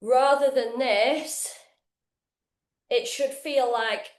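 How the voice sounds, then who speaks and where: In a live online workout demonstration from her indoor home kitchen, a woman fitness coach shows exercises while out of breath. Her voice is a little high and she takes it slowly, talking casually and swearing freely, with a reverberant sound.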